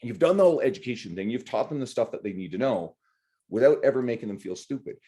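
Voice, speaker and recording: Speaking fast in a dark, expressive, mid-range voice, a male podcast host holds casual conversation. He's blunt and lively, with plenty of swearing as he argues his case.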